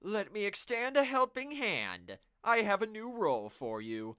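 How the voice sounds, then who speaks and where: A man's voice: sits high, very animated, a little slow, pushed and bright, smooth, no echo, voice pushed up, full character voice. A man voicing a mischievous, mocking fairy trickster, reading game dialogue in a raised theatrical voice. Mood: taunting.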